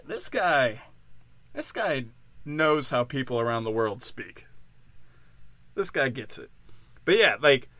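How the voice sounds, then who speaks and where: A man's voice: medium pitch, pushed and bright, no room sound. A tipsy man hosting a podcast, delivering a crude, rambling comedic monologue and often breaking off mid-thought. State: tipsy from tequila.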